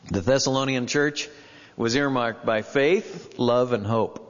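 A man preaching a sermon as pastor, emphatic, with long pauses and rising stresses on key words. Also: mid-range voice, long reverb tail, lo-fi sound.

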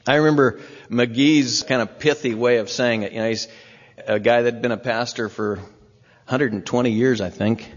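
A man preaching a sermon as pastor, earnest, swinging from emphatic high peaks to low, soft exhortation. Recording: muffled long-reverb hall sound.

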